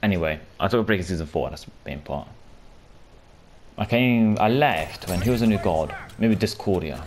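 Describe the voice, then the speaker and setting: A man giving casual, rambling commentary over his own gameplay, swearing often and breaking into loud shouts and laughter. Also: low voice, expressive, normal speed. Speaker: gaming video creator.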